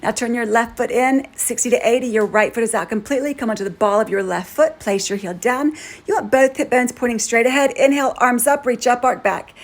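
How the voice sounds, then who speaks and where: Calm woman guiding a yoga class. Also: a little high, fairly quick. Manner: calm, steady step-by-step instructions. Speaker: yoga instructor. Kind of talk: guided yoga class cues.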